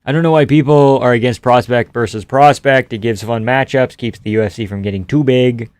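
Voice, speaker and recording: A man's voice: medium pitch, brisk, a little mellow, clear, resonant tone, no room sound, clean studio sound. A man hosting a casual livestream, rambling, swearing and reading viewer comments aloud. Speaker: livestream host.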